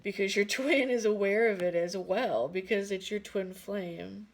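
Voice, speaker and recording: Slow-talking, laughing woman tarot reader. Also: medium pitch. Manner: laughs often, swears freely. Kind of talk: casual spoken tarot reading.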